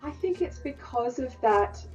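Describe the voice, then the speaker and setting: A woman's voice: high-pitched, lively intonation, a little slow, a little mellow, soft background music. A woman dialect coach answering interview questions in a thoughtful, hedging way. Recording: dull, distant interview audio.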